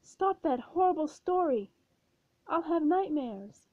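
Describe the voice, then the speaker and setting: A woman voicing a fussy, excitable male ghost who complains indignantly. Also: sits high, takes it slowly, pitched above the performer's own voice. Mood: outraged. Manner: whiny and indignant. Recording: dull, dry recording.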